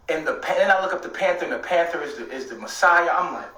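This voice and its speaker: A man telling a rambling story in casual talk, swearing often and at times breaking into shouts. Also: fairly high pitch, animated, fast talker, few pauses, recorded from a distance. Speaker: host. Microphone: streaming setup. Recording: echoey room, away from the mic.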